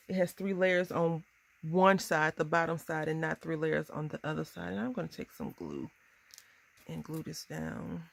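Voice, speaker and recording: A woman in her thirties chatting casually through a crafting tutorial, bubbly and quick to laugh at herself. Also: on the low side, creaky. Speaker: crafting vlogger.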